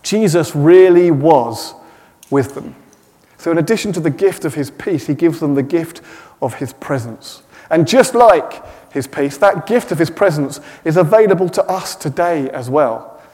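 A man's voice: on the high side, lively intonation, a little slow. A middle-aged man preaching a sermon in a slightly raised voice. His talk is easygoing and dotted with self-deprecating jokes. The sound carries the long echo of a church hall. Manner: warm, self-deprecating humour.

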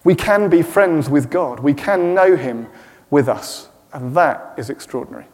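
A middle-aged man giving a sermon, with gentle self-deprecating humour. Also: on the high side, expressive, unhurried, in a large hall. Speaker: preacher. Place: church.

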